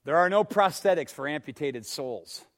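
A male preacher with a high-pitched voice delivering a sermon full of rhetorical questions. He swings between near-whispered phrases and loud, emphatic bursts, slowing down to stress key words. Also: animated. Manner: dramatic, swings from hushed to loud; asks the listeners questions.

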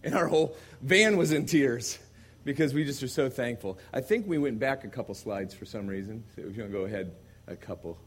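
An American man, a visiting missionary, preaching a sermon to a congregation in a conversational storytelling way, moving from quiet asides to loud emphatic passages. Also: medium pitch, animated, a little fast, slight background noise. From United States. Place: church service before a congregation.

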